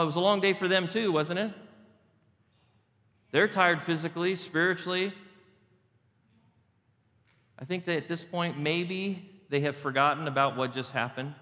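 Bright-voiced male pastor preaching. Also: high-pitched. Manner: emphatic, repetitive, conversational. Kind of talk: sermon. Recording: long reverb of a large hall.

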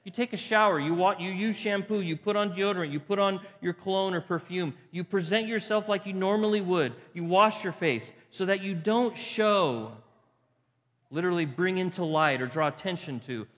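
A man's voice: high-pitched, a bit bright. A pastor preaching a conversational sermon. He poses rhetorical questions to the congregation and repeats phrases for emphasis. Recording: long hall reverb.

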